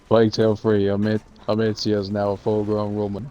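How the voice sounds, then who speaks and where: A man co-hosting a game stream, dropping dry jokes and quick one-liners in casual chat. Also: fairly low pitch, monotone, warm tone, muffled recording, slight background noise. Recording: faint game music behind.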